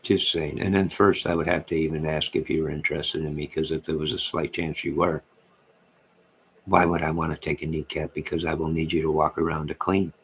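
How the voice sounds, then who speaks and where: A man's voice: extremely low pitch, level tone, fairly quick, a bit bright, slightly rough. A man hosting a late-night livestream from home, bantering and joking in a rambling way as he answers his viewers' comments. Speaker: livestream host reading chat.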